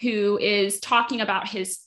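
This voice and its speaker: Casual woman podcaster, mid-pitch, chatty, retells scenes with quoted dialogue. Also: fairly even intonation, measured pace, fairly bright tone. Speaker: podcast co-host. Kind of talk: casual chat recapping a TV episode.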